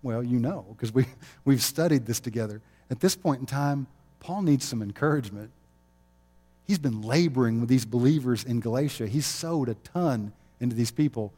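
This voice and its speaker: Mellow-voiced man preaching conversationally. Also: medium pitch, normal speed. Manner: conversational, chuckling often. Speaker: pastor. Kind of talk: sermon. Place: chapel.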